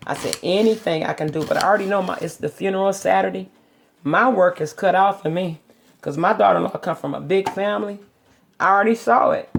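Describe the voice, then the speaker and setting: A woman's voice: medium pitch, brisk, creaky, slight background noise. A middle-aged woman vlogging from her home kitchen, telling rambling stories in a chatty, casual way. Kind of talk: casual chat.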